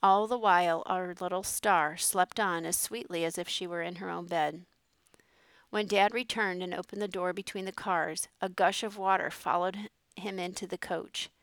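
A woman narrating a storybook in a measured way. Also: fairly low pitch, fairly even intonation, fairly bright tone, clear, resonant tone, dry recording.

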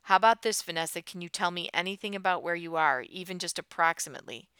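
A woman voicing a calm, authoritative male coast guard commander giving clipped instructions. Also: lowish voice, fast talker, smooth, no room sound, studio quality.

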